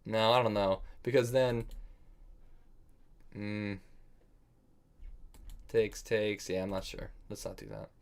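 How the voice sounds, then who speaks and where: An American man streams online chess, thinking through his moves out loud, chiding himself over errors and joking casually with viewers. His voice sits on the low side, with fairly level intonation. He speaks slowly and smoothly, leaving long pauses.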